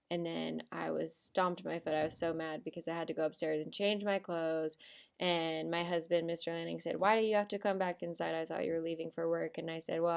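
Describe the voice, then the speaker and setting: A woman teaching a recorded writing lesson to first graders, telling a story with dramatic shouts and whispers. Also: on the low side, vocal fry.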